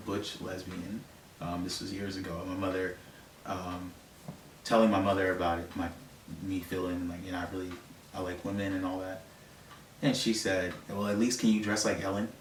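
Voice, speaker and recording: A trans man telling personal stories in a relaxed interview, soft-spoken and given to bursts of laughter. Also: low voice, normal speed, reverberant, distant mic, slight background noise. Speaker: interview guest. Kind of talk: relaxed storytelling.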